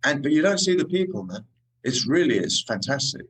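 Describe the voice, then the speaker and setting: Podcast guest, male, animated storyteller, remote call, faint hiss behind. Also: medium pitch, a little fast, low-quality recording. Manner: animated anecdotes, says "man" and "eh". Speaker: podcast guest, motorcycle traveler. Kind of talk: casual storytelling chat.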